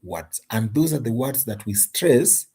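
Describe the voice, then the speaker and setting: A man's voice: medium pitch, expressive, a little slow, warm tone, slightly rough. A man teaching an exam tutorial, stressing and repeating key points and asking rhetorical questions. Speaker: English teacher.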